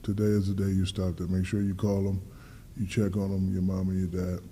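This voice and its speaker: A man's voice: deep voice, a little fast, a little hiss or hum. A man in his fifties, a guest in a casual interview, telling stories with energy, acting out dialogue and swearing freely. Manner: animated storyteller, acts out dialogue, swears freely. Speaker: guest athlete.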